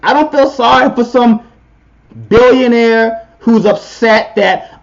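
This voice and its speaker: A man's voice: very high-pitched, takes it slowly, vocal fry, dull audio. A man co-hosting a podcast, giving a blunt, opinionated sports rant in casual talk. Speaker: podcast co-host.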